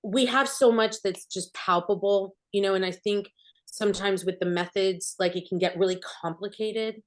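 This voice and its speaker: Fielding panel questions, a middle-aged acting coach spins lively stories, performing bits of dialogue as she goes. Her voice is medium in pitch and her pace is moderate.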